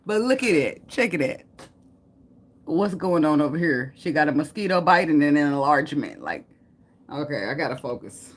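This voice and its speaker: A woman's voice: sits low, animated, moderate pace, slightly rough. A woman giving a casual tarot reading, cursing, joking and laughing between cards. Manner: loud, laughing, profane, joking asides. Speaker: tarot reader.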